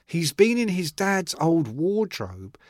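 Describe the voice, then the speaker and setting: A man from Ireland tells stories in a lively, slightly high voice that swings widely as he mimics the people in them. The sound is dry and close, with no room around it. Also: takes it slowly, dry recording. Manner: animated storyteller, puts on voices for the people in his stories. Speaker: podcast guest. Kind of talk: casual anecdote telling.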